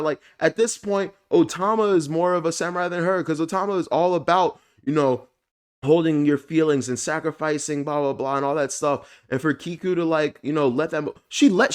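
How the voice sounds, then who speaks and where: A man giving a casual, animated review, full of fillers and the odd curse when frustrated. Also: on the high side. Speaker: anime reviewer.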